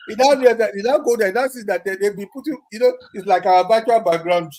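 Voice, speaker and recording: A man co-hosting a casual commentary podcast, talking in an animated way. He laughs often and slips between English, Pidgin and Yoruba phrases as he chats. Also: sits high, fast talker. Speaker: podcast co-host.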